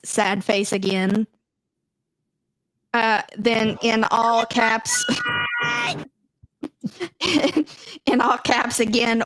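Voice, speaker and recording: A woman's voice: a little high, fairly even intonation, very slow, long pauses, fairly bright tone, no room sound, rough recording. A woman co-hosting a podcast, reading text messages aloud in an amused tone, with frequent fillers and laughs. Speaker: podcast co-host.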